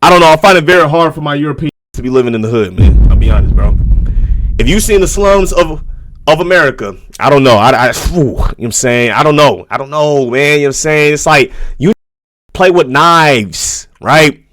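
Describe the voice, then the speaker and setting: High-voiced man streaming casual reactions. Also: animated, a little fast, a bit bright. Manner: loose, slangy and profane, with frequent rhetorical asides.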